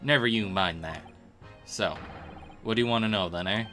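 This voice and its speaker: A man voicing a gruff, boastful middle-aged police inspector who speaks brusquely with a put-on regional voice. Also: on the low side, lively intonation, moderate pace, sharp tone, faint music behind.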